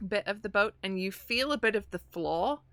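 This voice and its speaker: A woman's voice: medium pitch, animated, moderate pace, a bit bright, no echo. A woman running a tabletop spy game as game master, loose and joking, with many fillers.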